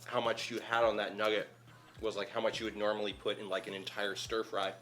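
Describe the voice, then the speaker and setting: A man's voice: fairly low pitch, little pitch movement, a little fast, a bit bright, soft background music. A man guesting on a casual charity stream chat, explaining ideas thoughtfully and at length with many "like" fillers. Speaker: guest video essayist.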